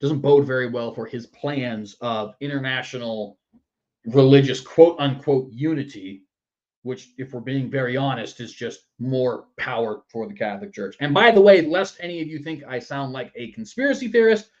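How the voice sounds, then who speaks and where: A man's voice: mid-range voice, lively intonation, normal speed, a little mellow, dull audio. A man hosting a political commentary show in a sarcastic, mocking manner. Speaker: news commentary host.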